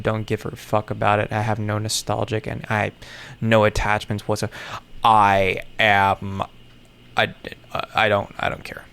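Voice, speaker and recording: A man's voice: lowish voice, completely flat delivery, a little slow, gravelly, a bit bright, clear, resonant tone. A man thinking aloud to himself in casual solo commentary, muttering, sarcastic and swearing offhandedly. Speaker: content creator. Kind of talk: casual solo commentary while puzzling something out.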